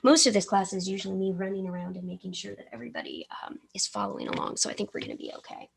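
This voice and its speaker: Teaching a live miniature painting class, a Southern American woman races along with huge pitch swings around a medium pitch, plus vocal fry and a breathy edge. She's chatty, keeps interrupting herself, and sometimes mumbles around a brush held in her mouth.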